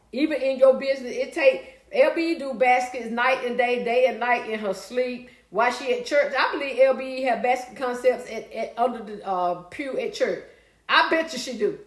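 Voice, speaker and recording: Woman, high-pitched, echoey room, casual live-stream host, chatty and lively. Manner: lively, chatty, breaks into song and laughter. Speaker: livestream host reading viewer comments.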